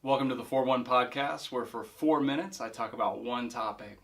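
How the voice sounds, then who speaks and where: A man's voice: medium pitch, normal speed, fairly bright tone, soft background music. A middle-aged man, a pastor hosting a short podcast, telling a story casually and often repeating words as he goes.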